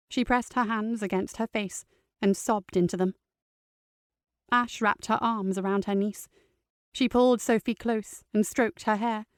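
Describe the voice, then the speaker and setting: A woman's voice: mid-range voice, clean tone, no room sound, studio quality. Woman narrating an audiobook. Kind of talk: scripted narration.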